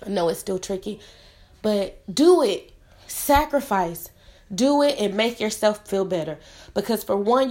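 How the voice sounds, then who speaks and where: A woman in her thirties talks straight to her listeners on her own podcast, earnest and heartfelt. Her voice sits at an ordinary middle pitch for a woman, and she delivers her encouragement with open sincerity. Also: expressive, measured pace, a little mellow. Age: 30s. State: tearful at times. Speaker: podcast host. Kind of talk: motivational solo podcast talk.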